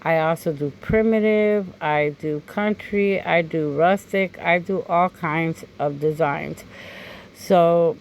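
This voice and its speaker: A woman's voice: fairly low pitch, slow pace, darkish tone, slight background noise, rough recording. A woman hosting a craft channel, talking through her project in a chatty way with many fillers and tag questions like "okay?". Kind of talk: crafting tutorial voice-over.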